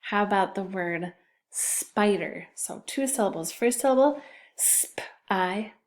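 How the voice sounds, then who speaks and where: A woman's voice: mid-range voice, expressive, unhurried. A woman teacher giving a recorded spelling lesson to children, patiently sounding out letters and syllables.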